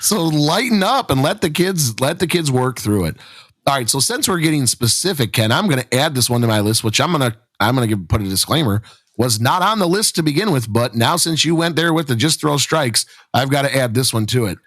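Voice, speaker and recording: A man's voice: medium pitch, expressive, fairly quick, a bit bright, no echo. Emphatic man, dry close sound. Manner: emphatic, pleading, laughs often. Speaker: podcast co-host, softball coach. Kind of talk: casual podcast chat.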